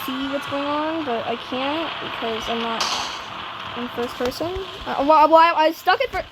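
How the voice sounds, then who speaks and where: Woman, very high voice, unhurried, excitable game commentary, loud background noise. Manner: rambling, excitable, shrieks at the game and scolds her dogs. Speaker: gaming channel host. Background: dogs nearby.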